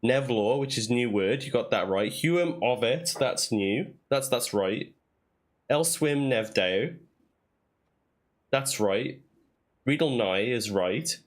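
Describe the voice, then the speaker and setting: Slow, musing man sounding out words. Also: medium pitch, lively intonation. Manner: thinks aloud, sounds out invented words. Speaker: streamer playing a puzzle game. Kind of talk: casual let's-play commentary.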